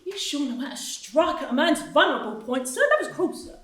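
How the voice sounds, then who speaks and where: A woman's voice: high-pitched, very animated, a little fast, a bit bright, distant mic. A woman acting a wheedling male street performer who fakes drownings for money, in an amateur stage scene recorded off-mic in an echoey room. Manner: wheedling, salesman patter, mock-respectful. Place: drama class room.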